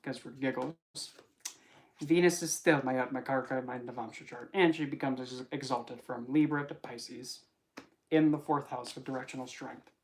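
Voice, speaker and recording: A casual tarot vlogger with a mid-pitched voice who rambles through readings. The delivery is chatty and full of jokes and self-corrections. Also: fairly even intonation, moderate pace. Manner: rambling, joking, self-interrupting. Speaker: tarot reader.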